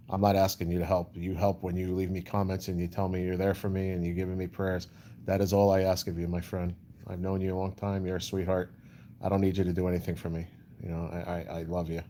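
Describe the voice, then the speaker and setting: A man's voice: low-pitched, warm tone, slight background noise. A man hosting a casual livestream, answering chat comments in a rambling way, full of "you know". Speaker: livestream host.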